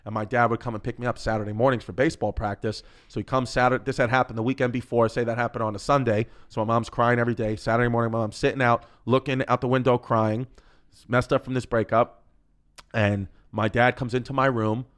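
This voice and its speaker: A man's voice: mid-range voice, fast. A man with a New York accent, telling raunchy stories on a podcast and acting out the people in them. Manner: animated, crude, acts out voices in his stories. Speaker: comedian guest. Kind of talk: podcast storytelling.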